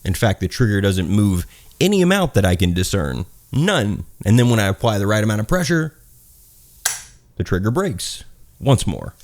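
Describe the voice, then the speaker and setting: A man's voice: fairly low pitch, very animated, normal speed, darkish tone, slight background noise. A man with a Southern accent giving a casual product review, rambling, swearing and poking fun at himself. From South Carolina, US. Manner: rambling, profane, self-mocking, laughs at own jokes. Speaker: gun reviewer.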